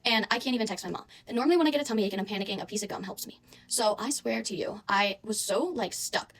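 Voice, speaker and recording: Young woman rattling off a wild story quick, super chatty, lots of "like". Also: medium pitch. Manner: animated, chatty, lots of "like" and "I swear". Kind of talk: casual storytime monologue.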